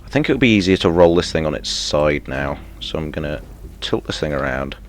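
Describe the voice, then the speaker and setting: A man playing a video game and commenting as he goes, muttering to himself, then bursting into yelps and shouts of excitement. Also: extremely low pitch, fairly quick, slight background noise. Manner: excitable, self-mocking, sudden yelps and mutters. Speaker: gaming streamer. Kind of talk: let's play commentary.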